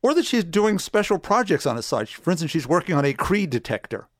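A man co-hosting a podcast, recapping a comic in steady, detailed casual chat. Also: a little high, brisk, dry recording, studio quality. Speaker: podcast co-host.

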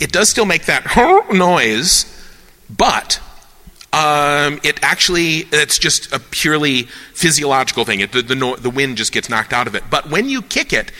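A man leading a discussion in a casual, lecture-like way, animated and joking, thinking aloud with many restarts. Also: a little high, in a large hall. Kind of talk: casual lecture-style talk.

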